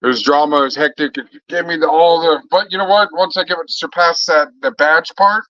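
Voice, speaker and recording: A man's voice: fairly high pitch, fairly quick, bright, forceful tone, no room sound, dull audio. A man chatting casually with his viewers in a loose, rambling way, swearing freely and trailing off into fillers and restarts.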